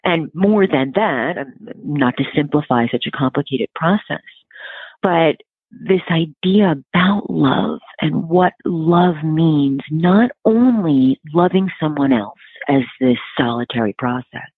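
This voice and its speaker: A woman in her forties, a relationship expert, is a guest in a casual interview, speaking frankly, bluntly and philosophically. Her low, husky voice is animated but slow. The recording is dry and tinny, like a phone line.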